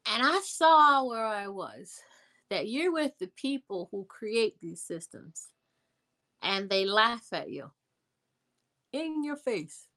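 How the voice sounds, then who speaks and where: A young adult woman telling a personal story in a conversation, animated and emphatic, repeating words for effect. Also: fairly high pitch, takes it slowly, pauses often. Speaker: guest.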